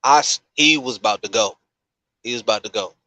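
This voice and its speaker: A man from Long Beach tells a story in relaxed, emphatic chat and drives points home with repetition. His tone is bright and forceful. The sound is dry and close, with no room echo. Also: medium pitch, fairly quick. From Long Beach, California.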